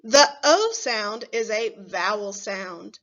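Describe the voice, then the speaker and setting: A woman teaching a first grade phonics lesson, sounding out words slowly and clearly and asking the children questions. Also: mid-range voice, animated, fairly bright tone, muffled recording.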